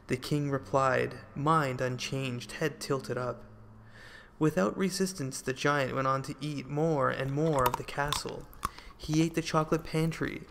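A man reading a children's story aloud in a measured storytelling manner. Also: fairly high pitch, vocal fry, fairly bright tone, a little hiss or hum. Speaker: audiobook narrator.

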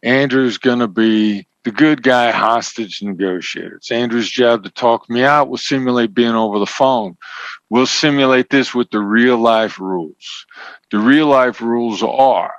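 A man as an interview guest, explaining negotiation points in a measured, emphatic teaching tone. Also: mid-range voice, no room sound. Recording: dull, slightly lo-fi sound.

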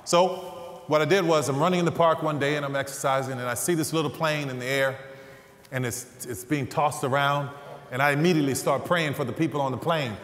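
A man preaching a sermon through humorous, animated personal stories. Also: on the high side, a little fast. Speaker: guest preacher. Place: large church hall stage. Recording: echoey hall, faint ambience.

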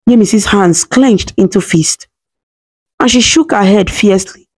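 A woman reading a scripted story in a steady, dramatic way. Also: medium pitch, measured pace.

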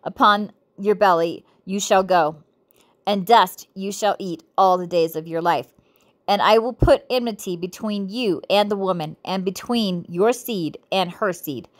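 A woman's voice: mid-range voice, unhurried. A woman reading scripture and a devotional book aloud, with frequent self-corrections and playful, giggly asides.

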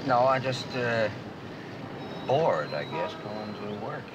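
A man's voice: lowish voice, very animated, slow pace, muffled recording. An actor playing a bored, restless suburban advertising man who talks in a wry, rambling way, in a 1960s film comedy. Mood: glum. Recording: old film soundtrack with hiss.

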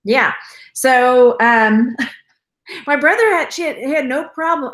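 A woman's voice: high-pitched, expressive, slow pace, long pauses, fairly bright tone. A woman in her thirties with a Texan accent, chatting casually on a live stream, rambling and laughing often as she acts out what others said. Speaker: reseller vlogger. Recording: echoey room.

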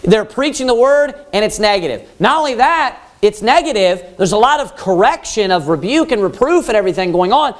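A man preaching a Baptist sermon, asking rhetorical questions and slowing down to read scripture. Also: high voice, animated. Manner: emphatic, rhetorical questions, slows down for scripture quotes.

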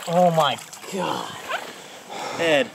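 A man's voice: a little high, very slow, creaky. A man filming a friend's catch on a river, exclaiming in amazement and talking to viewers. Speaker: fishing partner filming. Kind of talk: excited outdoor fishing chat. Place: outdoors on a river, by a boat. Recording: outdoor recording with water and boat noise.

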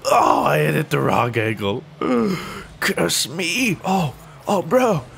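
A young man commentating his own gameplay, excitable and self-mocking, yelping and laughing at the plays. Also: a little high, slow, creaky, slight background noise. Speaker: gaming YouTuber.

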